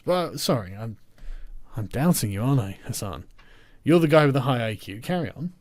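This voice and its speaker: A man's voice: medium pitch, very animated, unhurried, pauses often, darkish tone, dry recording. A man delivering a sarcastic, scornful reaction commentary.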